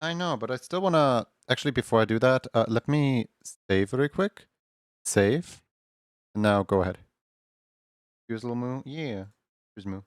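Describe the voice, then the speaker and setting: A man's voice: medium pitch, moderate pace, pauses often, no room sound, studio quality. A man with a Central European accent, chatting casually to his livestream while drawing, rambling and talking to himself with filler words. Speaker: streamer.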